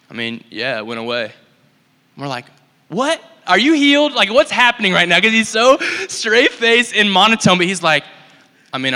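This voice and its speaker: Bright-voiced young man telling church stories. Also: medium pitch, clear, resonant tone. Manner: casual, animated, full of likes and ums. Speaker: church speaker. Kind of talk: storytelling sermon talk. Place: church hall. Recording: long hall reverb.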